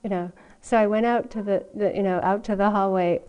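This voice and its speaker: Woman, middle-aged, meditation teacher, mellow warm tone, rambling conversational storytelling, dharma talk. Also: mid-range voice, steady tone, a little fast, smooth, lo-fi sound. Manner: conversational storytelling with frequent "you know" and soft laughs. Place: meditation retreat hall.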